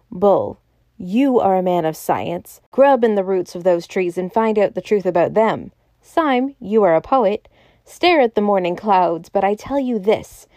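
Huge genial man, teasing, smooth, mellow voice, read by a woman. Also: mid-range voice, no room sound, close to an everyday voice. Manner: smooth, playful, mocking. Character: huge, genial, riddling old male president.

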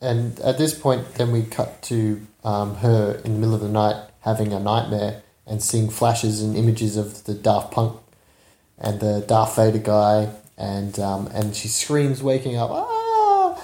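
A man's voice: lowish voice, level tone, measured pace, mellow. A man casually recapping a film on a podcast, swearing and laughing as he retells the scenes. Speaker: podcast co-host. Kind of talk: casual movie recap chat. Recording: echoey room.

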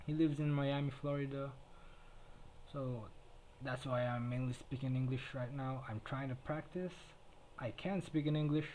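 Profane, mellow-voiced Filipino teen host. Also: male voice, a little high, slight background noise, poor audio. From Philippines. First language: Tagalog. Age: late teens. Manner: heavy swearing, rambling with restarts. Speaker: podcast host. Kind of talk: casual solo podcast rambling.

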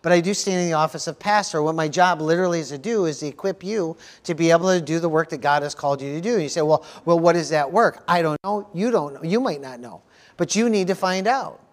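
A pastor delivers an earnest sermon to his church, talking fast in a slightly high voice. He repeats himself often and keeps asking the congregation to say "amen."

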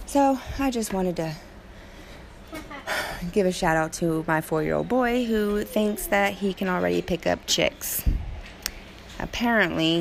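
A woman with a low, gravelly voice tells a funny family story on her podcast. She talks in a loose, chatty way and laughs now and then. Her delivery is relaxed and unscripted. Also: a little slow, long pauses, background noise. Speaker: podcast host. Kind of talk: casual storytelling.

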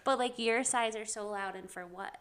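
A woman's voice: on the high side, moderate pace, fairly bright tone. A woman co-hosting a podcast in casual chat, talking loosely and filling her speech with "like". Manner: chatty, fills speech with "like", laughs often. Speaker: podcast co-host.

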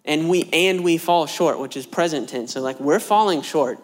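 A man's voice: fairly high pitch, moderate pace. A man preaching a conversational sermon, asking rhetorical questions and explaining scripture in plain, everyday words. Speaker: pastor.

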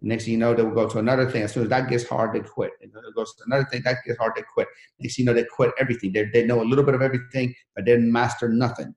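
A man's voice: medium pitch, level tone, rapid-fire, darkish tone, echoey room. A man who came to the country as a refugee, telling his life story in an interview in an earnest, motivational way. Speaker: guest.

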